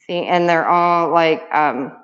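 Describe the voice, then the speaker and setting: A woman showing off her handmade resin keychains in a casual, excitable, rambling vlog, repeating words for emphasis. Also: low voice, takes it slowly, highs cut off. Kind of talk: casual show-and-tell vlog.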